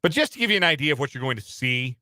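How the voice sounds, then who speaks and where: A man's voice: mid-range voice, big pitch swings, very fast, sharp tone, dry recording. A man hosting a sports talk radio show from a studio, talking in a casual, chatty way with some uh fillers and repeats. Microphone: studio microphone.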